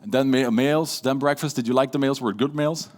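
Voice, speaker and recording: A man with a Dutch accent giving a lively stage talk on public speaking, playful and shifting between loud and hushed delivery. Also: mid-range voice, fairly quick. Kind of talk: live keynote talk with audience interaction.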